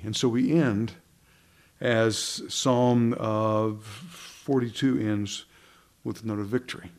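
Man, leading a group in learning a hymn; halting, reads verses aloud. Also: on the low side, fairly even intonation, a little mellow. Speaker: song leader teaching a hymn. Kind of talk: teaching a group a new hymn.

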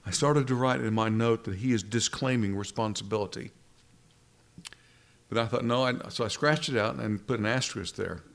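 A man's voice: lowish voice, normal speed, creaky. A man preaching a sermon, earnest and pleading, often repeating words as he builds a point.

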